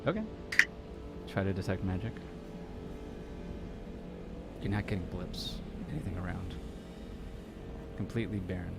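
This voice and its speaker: A man narrating as game master in a relaxed, hesitant way with many fillers. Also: low-pitched, normal speed, vocal fry, loud music behind the voice.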